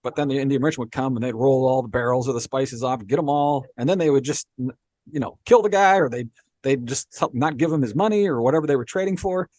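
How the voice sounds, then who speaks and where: A man co-hosting a podcast, explaining history in a relaxed, conversational way and checking in with "right?" often. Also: mid-range voice, fast talker, dry recording. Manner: explains with frequent "right?" and "you know". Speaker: podcast co-host. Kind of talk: casual explanatory chat.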